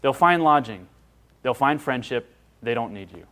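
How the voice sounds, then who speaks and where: A man's voice: medium pitch, lively intonation, moderate pace, fairly bright tone. A man preaching a sermon as pastor, in an emphatic, conversational way that repeats phrases for stress and asks the listeners questions.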